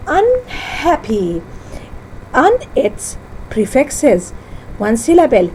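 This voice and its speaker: Woman teacher, slow careful lesson delivery, lively rising and falling pitch, mellow tone with a faint hiss behind. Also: poor audio. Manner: slow, deliberate teaching with word-by-word repetition; self-correcting, halting phrasing. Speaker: English teacher. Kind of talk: classroom lesson on syllables.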